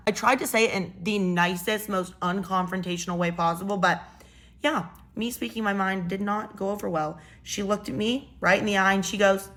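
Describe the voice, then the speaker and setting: A woman's voice: medium pitch, brisk. Young woman, casual storyteller, chatty and sassy. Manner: chatty, animated, sassy asides.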